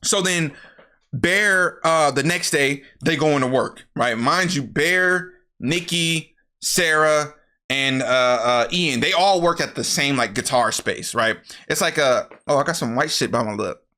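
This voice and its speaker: A young man tells a movie plot in a loose, profane, animated way. His voice sits a little high and comes out bright and sharp. He keeps slipping into the characters' lines as he talks. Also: measured pace. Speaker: YouTuber recapping a movie. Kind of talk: casual movie recap.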